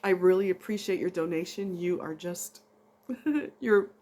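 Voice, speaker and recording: A woman's voice: on the low side, unhurried, warm tone. A woman chatting casually to camera in a rambling, emotional vlog. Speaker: vlogger.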